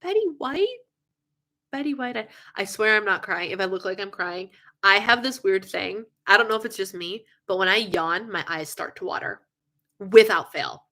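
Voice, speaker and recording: A young woman hosting a casual live stream, chatting with viewers in an animated way, with lots of fillers and frequent yawns. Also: medium pitch, moderate pace. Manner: chatty, animated, yawning often, many fillers. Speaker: livestream host.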